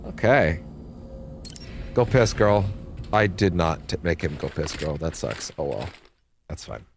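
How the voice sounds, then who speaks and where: A man's voice: low voice, expressive, measured pace, slight background noise. A young man giving casual, rambling commentary while streaming a game, swearing offhandedly.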